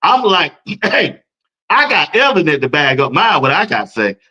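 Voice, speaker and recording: A man's voice: on the high side, big pitch swings, normal speed, bright, forceful tone, muffled recording. A man hosting a sports talk show, talking in a casual, hyped-up way and laughing between points.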